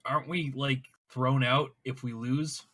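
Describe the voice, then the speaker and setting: A man playing a tabletop game, dropping sardonic remarks. He talks very slowly, and his voice has a bright, pointed edge. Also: medium pitch, fairly even intonation. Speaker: player. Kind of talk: casual tabletop role-play.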